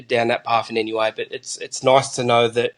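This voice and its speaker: A man's voice: medium pitch, flat delivery, a little fast. A man in his forties co-hosting a podcast, joking casually. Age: 40s. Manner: joking, short interjections. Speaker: podcast co-host. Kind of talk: casual chat.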